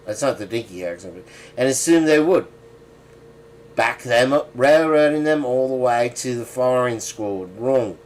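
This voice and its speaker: A man's voice: medium pitch, lively intonation, normal speed. A man hosting a casual live stream, reading viewer comments aloud and adding sarcastic asides with frequent chuckles. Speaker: livestream host.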